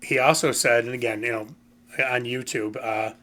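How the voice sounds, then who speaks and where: A man hosts casual music commentary, rambling and opinionated, often saying "you know" and "um." His voice is mid-range, pushed and bright, with fairly even intonation at normal speed.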